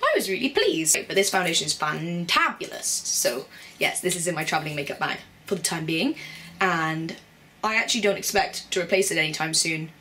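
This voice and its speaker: A young woman talks through her favourite things in a bubbly, chatty way. Her voice sits a little low, and she jumps into playful put-on voices now and then. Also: lively intonation, fairly quick, sharp tone, a little hiss or hum. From Britain. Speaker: beauty vlogger. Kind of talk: casual chat.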